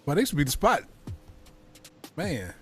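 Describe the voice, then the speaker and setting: A man with a St. hosts a casual radio chat, his voice sitting a little high. He reminisces and quizzes his cohosts in easy, slangy banter. Faint music plays underneath. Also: wildly swooping pitch, moderate pace, fairly bright tone. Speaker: radio show host.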